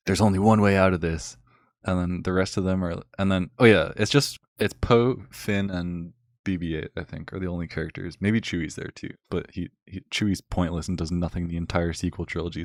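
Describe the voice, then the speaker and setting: A man's voice: deep voice, no echo, clean studio sound. A man ranting casually and sarcastically to a friend, rambling with lots of filler words. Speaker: channel host.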